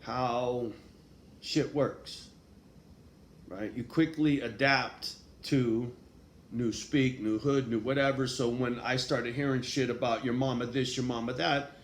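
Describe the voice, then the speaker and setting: A man's voice: medium pitch, steady tone, slow pace. A man telling a personal story in a casual, profane way, full of street slang and tag questions. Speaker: vlogger. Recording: echoey room with faint background noise.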